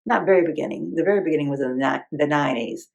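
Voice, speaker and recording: A woman's voice: low-pitched, rapid-fire, creaky, a little mellow, lo-fi sound. A woman in her fifties, a quilting vlogger, talking reflectively and rambling a little, often correcting herself and laughing at herself. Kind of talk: reflective casual chat.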